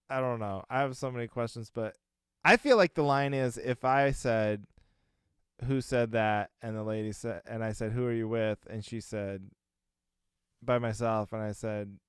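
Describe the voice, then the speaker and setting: A man's voice: mid-range voice, clear, resonant tone, no echo. A man co-hosting a casual podcast, chatting in a dry, joking, self-deprecating way. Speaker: podcast co-host. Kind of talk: casual chat.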